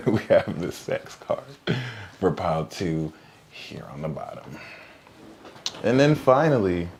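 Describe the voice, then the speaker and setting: A man with a low, very animated voice speaks slowly with long pauses, over slight background noise. He co-hosts a live podcast and reads tarot cards in a casual, joking way. He jokes, laughs often, and trails off mid-sentence.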